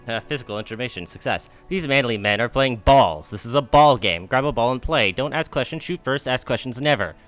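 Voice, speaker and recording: Streamer, male, wry and jokey, crisp bright tone, easy chat over gameplay. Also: mid-range voice, animated, fairly quick, few pauses, soft background music. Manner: jokey, laughs easily, wry. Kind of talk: casual live-stream chat, reading game text aloud.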